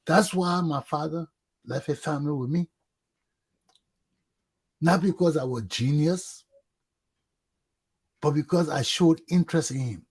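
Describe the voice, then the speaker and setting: A middle-aged man hosting a talk show, telling a long personal story in a casual, animated way and acting out shouted quotes. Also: on the high side, a little slow, long pauses, husky. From Liberia.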